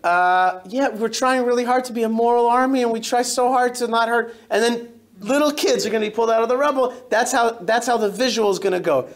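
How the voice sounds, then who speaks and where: A man, a rabbi, giving an emphatic, animated talk to a synagogue audience. He tells stories, often breaks off and restarts, and punches up key lines. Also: very high-pitched, fairly quick, few pauses. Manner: animated, emphatic storytelling with frequent self-interruptions. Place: synagogue hall.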